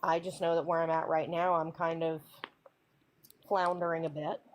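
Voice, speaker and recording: A woman's voice: low-pitched, flat delivery, normal speed, dull audio, slight background noise. A woman from the American South, talking through her faith in a reflective, searching way. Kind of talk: casual chat.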